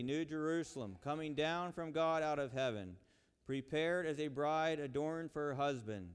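High-voiced preacher man, smooth and clear, telling a dramatic sermon story, long church echo. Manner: dramatic storytelling, rising to lament. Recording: reverberant hall.

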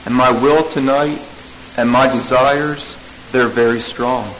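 A man preaching an evening sermon in an earnest way, pressing hard on some lines and dropping low and quiet on others. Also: steady tone, slow, slight background noise, rough recording. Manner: earnest, rises to forceful emphasis then drops to hushed tones.

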